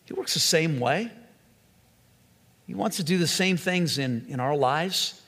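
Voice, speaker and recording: A man preaching a sermon as a pastor, earnest, stretching key phrases slowly and often restarting his sentences. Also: fairly high pitch, lively intonation, a bit bright. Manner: earnest, with slow emphatic phrases and frequent restarts. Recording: long hall reverb.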